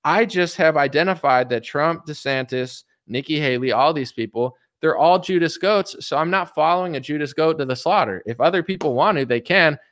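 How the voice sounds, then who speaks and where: A man's voice: on the high side, normal speed, few pauses, a bit bright. A young man hosting his own show, ranting about politics in a heated, sarcastic, casual way, calling listeners dude and folks. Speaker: political commentary host.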